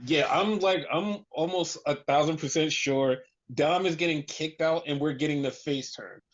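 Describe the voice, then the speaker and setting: A man's voice: on the high side, normal speed. A man in casual chat, rambling with lots of "like", swearing, and acting out what others would say. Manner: rambling, profane, heavy on "like", acts out quotes. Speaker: podcast co-host. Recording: dull lo-fi recording.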